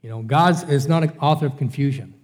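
A man's voice: on the high side, brisk, darkish tone. A middle-aged man preaching a Bible study sermon in a conversational way, asking rhetorical questions. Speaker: pastor.

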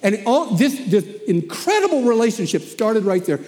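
A man preaching a sermon as animated storytelling, often repeating himself as he goes. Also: high voice, normal speed, big-room sound.

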